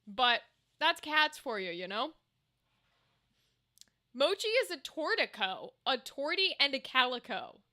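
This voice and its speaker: A woman's voice: high voice, very animated, a little slow, long pauses, bright, forceful tone. A young woman streamer chatting casually with her viewers, rambling and swearing freely. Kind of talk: casual live-stream chat while gaming.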